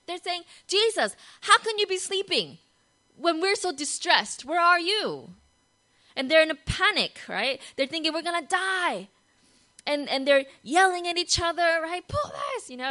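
A woman giving a devotional talk. She tells the story animatedly, often asks "right?", and moves from soft, hushed passages to loud, excited ones. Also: a little high, poor audio. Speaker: Christian devotional speaker.

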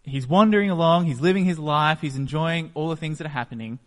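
A man's voice: fairly high pitch, quick pace. A man preaching a sermon, retelling a story and acting out its scenes. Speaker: pastor. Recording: echoey hall.

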